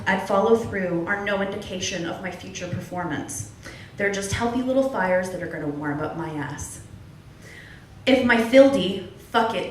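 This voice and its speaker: A woman's voice: medium pitch, slight background noise. A young adult woman at an open mic, performing spoken word poetry in an earnest, candid way with wry humor. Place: small club at an open mic. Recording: distant echoey room recording.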